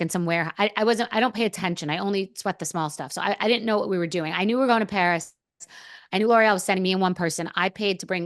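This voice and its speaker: A woman's voice: mid-range voice, fairly bright tone, no echo, studio quality. A woman guest on a podcast, telling a candid story in a blunt, profane, rambling way.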